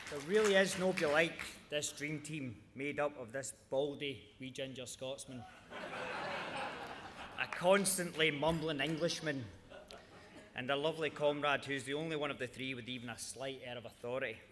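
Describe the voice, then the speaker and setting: A man's voice: medium pitch, moderate pace, long pauses. A man giving an earnest, heartfelt tribute speech with cheeky humour. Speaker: award presenter. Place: large ceremony hall. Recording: reverberant hall, faint noise.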